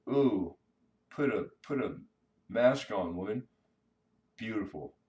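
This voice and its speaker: A man with a low-pitched voice, talking loosely and slangily to his live-stream viewers while showing off coins and collectibles. He sits a little away from the microphone, so the voice sounds somewhat distant. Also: expressive, slow, a little mellow. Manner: laid-back and slangy, chatting to viewers. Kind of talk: casual live-stream chat.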